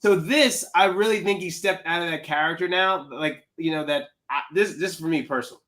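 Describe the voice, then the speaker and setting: A man's voice: a little high, a little fast, pushed and bright. A man co-hosting a podcast in casual chat, teasing and playful, often restarting his sentences. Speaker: podcast co-host.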